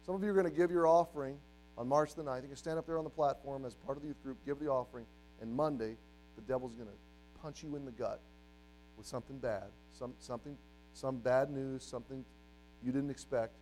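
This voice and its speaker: A man in his forties preaching a sermon as youth pastor, animated, acting out quoted voices and swinging between loud and hushed. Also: medium pitch, fairly quick, slight background noise, low-quality recording.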